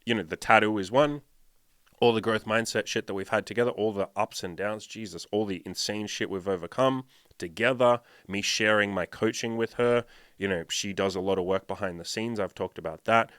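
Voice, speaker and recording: A man's voice: lowish voice, a bit bright, no room sound, studio quality. A man who is a dating coach, talking bluntly and emphatically in a casual podcast monologue, swearing often. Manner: blunt, heavily profane, emphatic.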